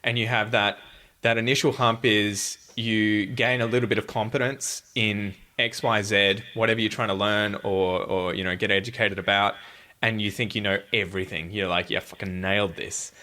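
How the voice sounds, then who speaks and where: A man's voice: lowish voice, normal speed. A man in his thirties with an Australian accent, chatting casually as a podcast guest and acting out quoted lines with some swearing. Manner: animated, swears freely, acts out quotes. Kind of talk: casual chat.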